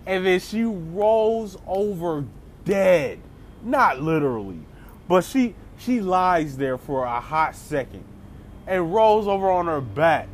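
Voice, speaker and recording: A man telling a funny story off the cuff, his voice sitting a little high and getting animated with slangy asides. The telling is loose and conversational, with a faint hum of noise underneath. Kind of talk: casual comedic storytime.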